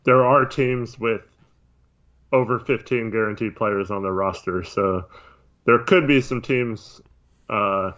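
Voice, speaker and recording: Bright-voiced man on a dull lo-fi mic. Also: fairly low pitch. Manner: measured, hedging with "I think" and "um". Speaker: podcast co-host. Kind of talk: casual sports podcast chat.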